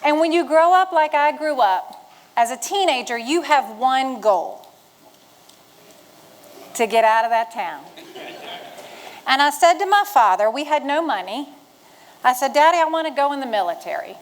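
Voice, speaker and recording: Here a middle-aged woman with a somewhat high voice, hailing from the Shenandoah Valley of western Virginia, spins stories for an audience in a folksy, humorous way, rallying them like a retired Marine addressing fellow veterans. She is expressive and a bit slow, leaving long pauses. The low-quality recording has slight background noise.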